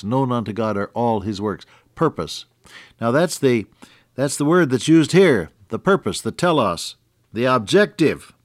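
Casting: male radio Bible teacher, low voice, folksy chuckling delivery, dry close sound. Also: no room sound.

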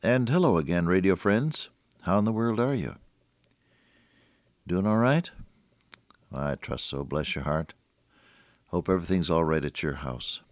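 An older man giving a folksy, earnest radio sermon, reading scripture slowly and solemnly. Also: low voice, expressive, no room sound, studio quality. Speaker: radio preacher.

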